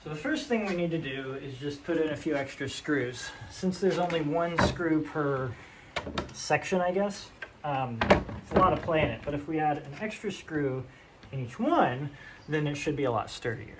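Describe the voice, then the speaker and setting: Speaking at normal speed, a DIY host with an expressive mid-range voice chats and jokes while working on a build. It's a casual workshop how-to with plenty of thinking aloud, recorded amid workshop noise.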